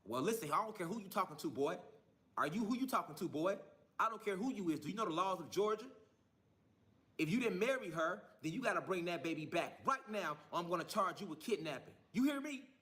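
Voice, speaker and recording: A man's voice: sits high, expressive, fairly quick, a bit bright. A man voicing a stern woman police officer on the phone, in a condescending, scolding manner.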